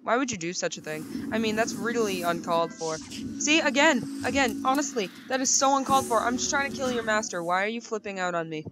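A young woman giving playful, chatty commentary over her gameplay, often jumping to high, excited bursts. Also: a little fast, noisy background. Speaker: gaming YouTuber.

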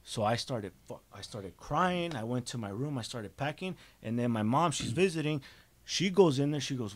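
A man's voice: medium pitch, lively intonation, moderate pace. A young adult man, a podcast guest, casually telling his life story in street slang with frequent restarts and bits of Spanish.

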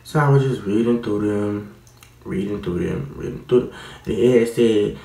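Gravelly young man rambling in slang. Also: fairly low pitch, moderate pace, echoey room. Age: teens. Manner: rambling, slangy and expressive, with stutters. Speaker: vlogger. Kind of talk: casual chat.

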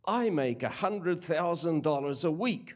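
A man voicing a relaxed, unbothered castaway in a joke, speaking calmly. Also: a little high, unhurried, pitched above the performer's own voice. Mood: smug. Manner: calm, relaxed.

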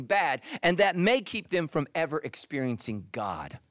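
A man preaching a sermon as pastor, animated and speaking straight to his listeners. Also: on the high side, a little slow, few pauses, dry recording, studio quality. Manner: animated, addresses listeners directly.

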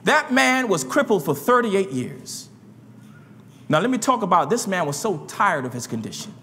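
A man preaching a sermon in a church, his delivery swinging between quiet murmurs and loud shouts. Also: sits high, big pitch swings, normal speed, big-room sound. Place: church sanctuary.

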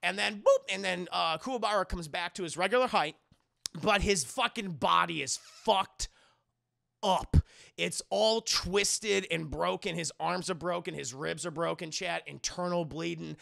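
Animated gravelly young man recapping to chat. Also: high voice, measured pace. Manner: animated, profane, storytelling. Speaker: streamer, anime reviewer. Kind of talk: casual recap to live chat.

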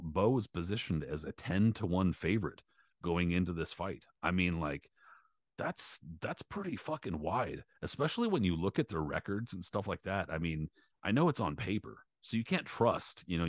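A man's voice: sits low, dry recording, clean studio sound. A man co-hosting a boxing podcast, talking loosely with lots of swearing and filler words. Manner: loose, profane, many fillers. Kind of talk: casual chat.

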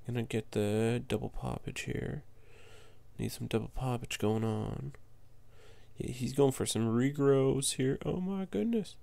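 Gravelly young man muttering game commentary. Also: dark tone, no echo. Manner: muttering to himself, then flaring into high exasperated yelps. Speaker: gamer commentating his own match. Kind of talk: casual gameplay commentary.

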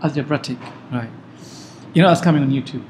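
A maths teacher with a somewhat raised pitch works through a lesson. He quizzes his student step by step and picks at their wording. The room carries a faint hiss behind him. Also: normal speed. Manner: probing, corrective questions. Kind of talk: classroom tutoring.

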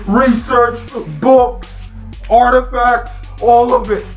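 Guy with a pretty high voice ranting slow and mad, cussing a lot, faint music behind. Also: fairly even intonation. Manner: angry, profane, declamatory; short repeated phrases, halting restarts. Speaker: online channel host. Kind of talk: in-character online lore rant.

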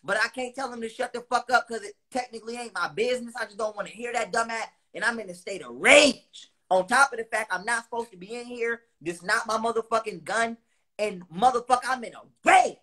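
The man's monologue to his viewers is brisk, furious and profane. He doubles back on lines for emphasis, his volume jumping from low, quiet stretches into loud bursts.

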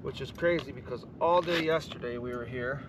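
Excited ice-fishing man, off-mic. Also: mid-range voice, brisk. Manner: excited, talks to viewers while ice fishing. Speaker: fishing vlogger. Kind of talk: casual outdoor commentary. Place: outdoors on a frozen lake. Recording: outdoor wind noise, distant mic.

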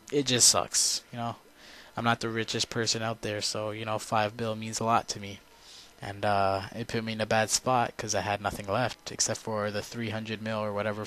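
A tired man talking casually to his viewers as a gaming channel host, rambling and filling pauses with "you know" and "um". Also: fairly low pitch, fairly bright tone, clear, resonant tone.

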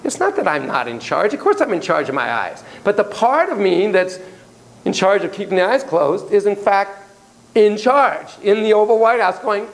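A man with a high-sitting voice lectures a university class on psychotherapy at a normal pace, captured on a low-quality recording. He's an animated storyteller, spinning casual, self-deprecating anecdotes full of asides and acting out the voices of the people he quotes.

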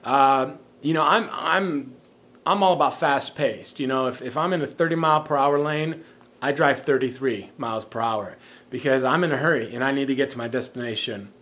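A man telling everyday stories in a casual vlog, rambling and self-amused, often laughing at his own jokes and trailing off softly at the ends of thoughts. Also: medium pitch, moderate pace. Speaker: vlogger.

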